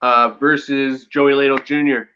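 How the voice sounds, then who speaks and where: A man co-hosting a casual live show chat, talking excitedly and acting out scenes as he goes. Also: mid-range voice, a little slow, clear, resonant tone, lo-fi sound. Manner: excitable, reenacts scenes with loud impressions. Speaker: show co-host.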